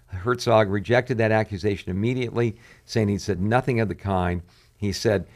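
A man, a pastor and show host, commenting on current events and reading quotes aloud, pausing often with "uh" fillers. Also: low-pitched, darkish tone. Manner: frequent "uh" fillers, reads quotes aloud with rising intensity.

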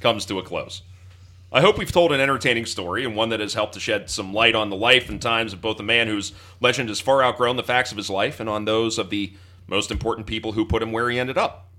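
A man's voice: lowish voice, fairly quick, pushed and bright. A young man hosting a history podcast, mixing dry, mock-formal jokes with earnest thanks to his listeners. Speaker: podcast host. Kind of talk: casual podcast chat and scripted sign-off.

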